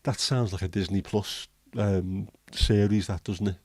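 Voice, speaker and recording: Bloke chatting on his livestream, lowish mellow voice, jokey. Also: fairly even intonation, a little slow, few pauses, no room sound. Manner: chatty, joking, reading out viewer comments. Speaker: livestream host. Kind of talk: casual livestream chat.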